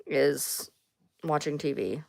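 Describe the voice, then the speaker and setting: A woman's voice: deep voice, slow, gravelly, a little mellow. A woman hosting a casual livestream, rambling loosely, answering chat comments and swearing now and then. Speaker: livestream host.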